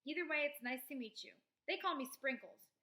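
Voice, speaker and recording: Storybook skunk, friendly and eager, voiced by a woman, light and bright. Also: sits high, lively intonation, fairly quick, voice pushed up. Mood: excited. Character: friendly hospitable female skunk.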